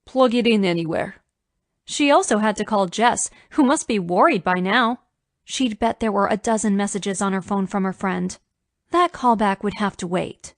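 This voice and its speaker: A woman narrating a romance audiobook in a measured storytelling manner. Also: mid-range voice, no room sound, clean studio sound.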